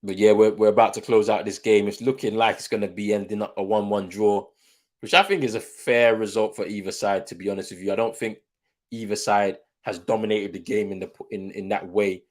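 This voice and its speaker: Man, deep voice, live-stream football watchalong host, relaxed casual chat. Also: brisk. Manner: relaxed, chatty, reads out viewer comments.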